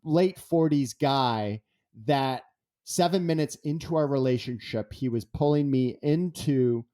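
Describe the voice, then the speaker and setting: A guest author with a mid-range voice speaks a little slowly as he tells stories in an interview. He's animated, acting out the dialogue as he goes.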